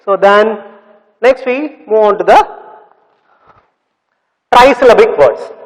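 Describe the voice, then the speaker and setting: A male teacher in a classroom, explaining slowly and repeating words and sounds for his students. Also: high-pitched, big-room sound, poor audio. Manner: slow, repetitive explaining with drawn-out sounds. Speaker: English teacher. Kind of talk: classroom lesson.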